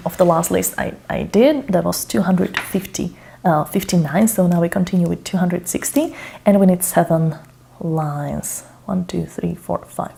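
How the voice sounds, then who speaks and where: Woman, mellow low voice, hesitant, self-correcting, mutters while writing, casual tutorial. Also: gravelly, a little hiss or hum. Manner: self-checking, hesitant, muttering under her breath. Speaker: language learner demonstrating a method. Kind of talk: casual think-aloud tutorial. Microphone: camera over her shoulder.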